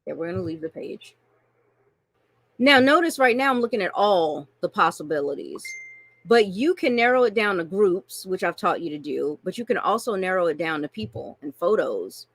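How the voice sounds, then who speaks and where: A woman's voice: mid-range voice, no room sound. Woman walking you thru a screen tutorial, chatty, keeps going "right?", dry close sound. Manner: chatty, frequent "right?" and "okay?" check-ins. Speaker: online marketing coach.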